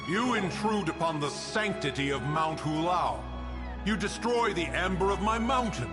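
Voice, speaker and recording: An actor playing a stern, ancient guardian spirit of a mountain who speaks in an archaic, formal, menacing way. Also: male voice, high-pitched, animated, normal speed, in a large hall, over loud music. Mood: wrathful. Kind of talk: game cutscene voice acting.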